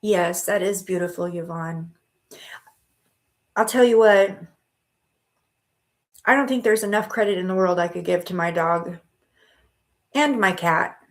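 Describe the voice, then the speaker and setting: Speaking with a fairly low pitch at a measured pace, this middle-aged woman pauses often as she runs a live spiritual-reading stream. Her chatty manner is sprinkled with fillers and restarts, and she comforts viewers by calling them honey and sweetheart.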